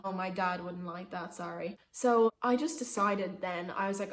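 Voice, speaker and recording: A young woman tells a story in a casual, chatty way, leaning on "like" and slipping in little laughs. Her voice sits in a middle pitch. The room around her has a noticeable echo. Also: fast. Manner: chatty, frequent "like", laughing asides. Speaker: vlogger. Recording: roomy echo.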